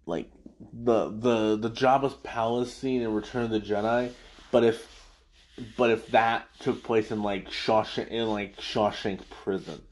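A man's voice: fairly low pitch, steady tone, a little slow. A man hosting a casual after-show, recapping an episode as an enthusiastic fan who rambles through the plot. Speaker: podcast host.

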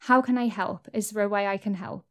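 A dismissive passer-by man who offers help and then brushes it off, spoken by a woman retelling a story. His lines come out offhand and plainly read, at a middling pitch. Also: fairly quick, natural voice.

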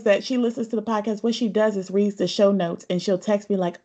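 A woman's voice: mid-range voice, steady tone, mellow, muffled recording. A woman in her thirties, a fellow podcast host, chatting candidly as a guest. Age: 30s. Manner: frank, candid, quick to laugh. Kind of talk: casual podcast chat.

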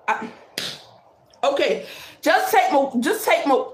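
High, lively woman chatting to viewers. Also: slow pace, long pauses, echoey room. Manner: animated, repetitive, calls out to viewers, laughs often. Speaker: live streamer talking to viewers. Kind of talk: casual live-stream talk.

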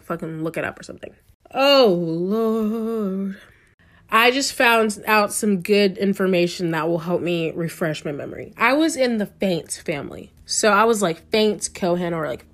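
A woman's voice: fairly high pitch, fairly bright tone. A young woman telling a story in a storytime vlog, dramatic and cringing, with laughs and exclamations.

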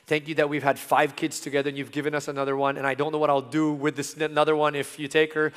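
A middle-aged man preaching a sermon, earnest, moving from loud emphasis to soft, intimate tones. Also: on the high side, little pitch movement, rapid-fire, hardly any pauses. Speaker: pastor. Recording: long hall reverb.

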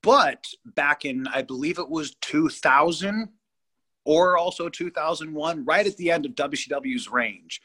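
A man's voice: on the high side, a little slow, bright, forceful tone. A man in his thirties from California, a guest telling a story in an interview, rambling and emphatic with many restarts. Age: 30s.

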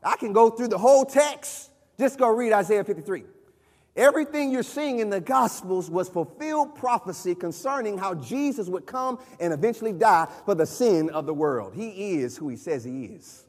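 A man preaching a sermon, with a high-pitched voice that rings out across a church sanctuary. He is emphatic and hammers his points home by repeating phrases. A long reverb trails every word. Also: expressive, moderate pace. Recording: long reverb of a large hall.

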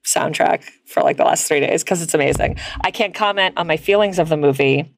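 A woman's voice: deep voice, fairly quick, creaky, no room sound. A woman co-hosting a podcast in casual, profane chat, laughing often and calling her co-host "girl.".

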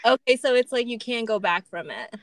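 A woman's voice: fairly high pitch, fairly quick, dry recording. A woman co-hosting a casual chat, thinking aloud and guessing at meanings. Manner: relaxed, thinks aloud with fillers. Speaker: podcast co-host.

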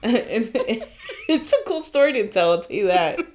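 A woman's voice: fairly high pitch, unhurried, a little hiss or hum. A young woman co-hosting a podcast, telling work stories in casual chat, acting out the people she quotes and swearing freely. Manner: animated, acts out quoted voices, swears freely. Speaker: podcast co-host.

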